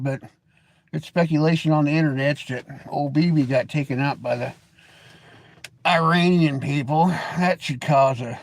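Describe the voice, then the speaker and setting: A man's voice: high voice, dry recording. A middle-aged man hosting a live stream, chatting loosely with folksy, opinionated ranting. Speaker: livestream host. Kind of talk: rambling live stream chat.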